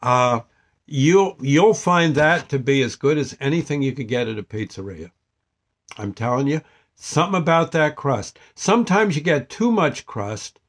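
An older man chats casually about a frozen pizza, his voice sitting at an ordinary middle pitch. He rambles in a folksy, down-home way, stopping and restarting his sentences often. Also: animated, moderate pace. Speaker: vlogger. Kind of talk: casual product review.

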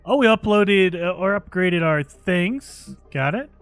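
Excitable man narrating his gameplay. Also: high-pitched, unhurried, dry recording, faint music behind. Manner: excitable, thinking aloud. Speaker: gaming channel host. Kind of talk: let's play commentary.

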